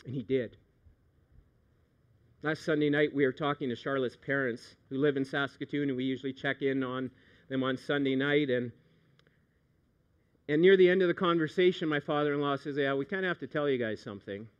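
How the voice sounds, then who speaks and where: A middle-aged man, a pastor preaching a sermon, animated, moving from hushed storytelling to loud outbursts. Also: mid-range voice, normal speed, pauses often, smooth, highs cut off.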